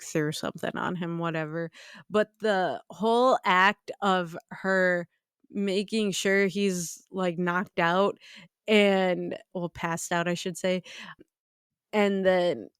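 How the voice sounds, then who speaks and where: A woman co-hosting a podcast, chatting casually about a horror film with expressive, incredulous reactions and laughter. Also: fairly low pitch, clear, resonant tone, dry recording, clean studio sound. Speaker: podcast co-host.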